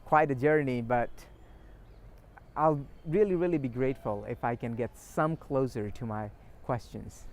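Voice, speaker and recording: A man's voice: mid-range voice, measured pace, pitched below the performer's own voice, natural voice. A man voicing a humble, grateful king in a polite, earnest way as he tells a story.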